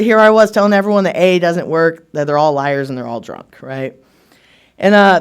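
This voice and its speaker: A man in his thirties telling a wry, sarcastic personal recovery story to a meeting and acting out other people's lines. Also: fairly high pitch.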